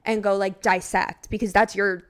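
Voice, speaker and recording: A woman's voice: medium pitch, flat delivery, moderate pace, clear, resonant tone. A woman chatting as a podcast guest, telling her story by acting out things she and her friend said. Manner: chatty, acts out her own past remarks in quotes. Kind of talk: casual chat.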